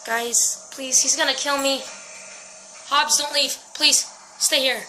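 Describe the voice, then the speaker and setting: A woman's voice: high-pitched, unhurried, pushed and bright, slight background noise, low-quality recording. A woman giving jumpy, swear-laden commentary while playing a horror game. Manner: jumpy, swearing, talks to herself. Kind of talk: let's-play commentary.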